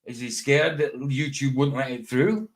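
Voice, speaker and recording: A man of middle pitch hosts a casual livestream. He rambles, laughs often and breaks off his sentences to restart them. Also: normal speed, a crowd in the background, rough recording. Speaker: livestream host. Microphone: streaming setup.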